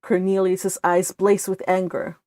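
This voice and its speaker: A woman's voice: on the low side, level tone, unhurried, a little mellow, dry recording. A woman reading her own fan fiction aloud, narrating steadily in a read-along with occasional slips.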